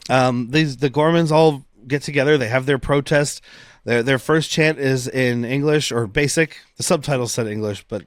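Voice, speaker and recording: Dude cohosting a tv recap podcast, laid back, quotes bits of scenes, dry mic. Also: male voice, medium pitch, normal speed, no room sound. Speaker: podcast co-host. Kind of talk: casual chat.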